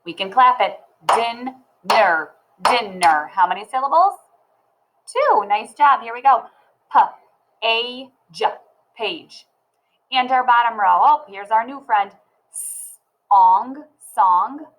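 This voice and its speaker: A woman teaching a phonics lesson to young children, sounding words out slowly and clearly. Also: on the high side, animated, a bit bright, rough recording.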